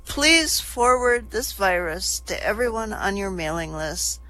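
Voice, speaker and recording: A woman at an online comedy show reading out a joke she found, unhurried and chuckling a little. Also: mid-range voice, lively intonation, very noisy. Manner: slow, unhurried reading with small laughs.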